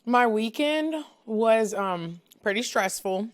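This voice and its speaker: A woman's voice: a little high, animated, slow pace. A woman co-hosting a casual podcast chat, telling stories frankly and laughing along. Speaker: co-host.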